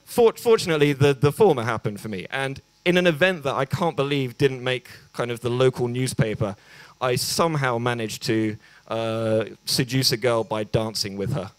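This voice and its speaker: Young English male comic, awkward and self-mocking, mid-pitched, stumbling delivery, close dry recording. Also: moderate pace, hardly any pauses, no room sound. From England. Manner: hesitant and self-deprecating, many ums and restarts. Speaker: stand-up comedian. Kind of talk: stand-up set at an open mic. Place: small bar venue.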